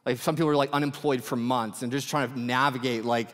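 A man in his thirties preaching a sermon in a relaxed, chatty way with lots of fillers. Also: mid-range voice, quick pace. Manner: casual, animated preaching with many fillers. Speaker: pastor. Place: church auditorium. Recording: reverberant church hall.

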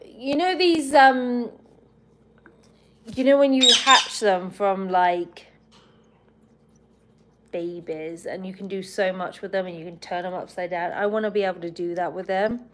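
A woman from England hosts a relaxed live stream, talking at an unhurried pace. She chats and giggles with viewers as she fusses over her pet bird, her voice sitting in a middle range. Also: medium pitch. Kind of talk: casual live-stream chat.

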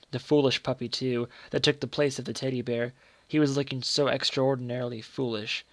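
A man giving a steady, measured storybook narration. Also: medium pitch, no echo. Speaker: reader.

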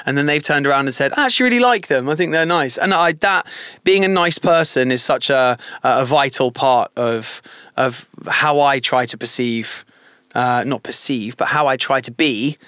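A man's voice: medium pitch, normal speed, sharp tone, clean tone, dry recording, studio quality. A young man co-hosting a casual podcast, talking earnestly and rambling a little with restarts. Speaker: podcast co-host. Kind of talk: casual chat.

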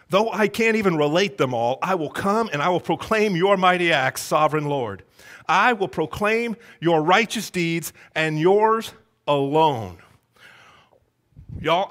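A man's voice: fairly high pitch, a bit bright. A man pastor preaching a sermon, asking the congregation one rhetorical question after another. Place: church sanctuary.

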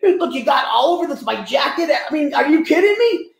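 A rude, belittling banker scoffs in loud, strained outbursts, his voice jumping high above the teller's usual pitch, as a man puts him on while telling a story. The sound rings in an echoey room. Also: big pitch swings, brisk, vocal fry, full character voice. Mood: indignant.

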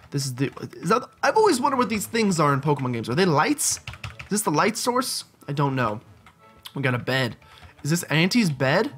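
A man's voice: a little high, fairly bright tone. Chatty man narrating his gameplay. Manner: chatty, jokey, thinks aloud and reacts to the game. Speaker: let's play host. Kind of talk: casual gameplay commentary. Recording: faint background game music.

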